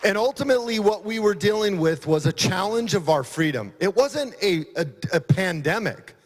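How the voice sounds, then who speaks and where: A man's voice: sits high, lively intonation, normal speed, a faint crowd. A middle-aged man, a county sheriff, giving an emphatic, folksy conference speech. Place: conference hall. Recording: long hall reverb.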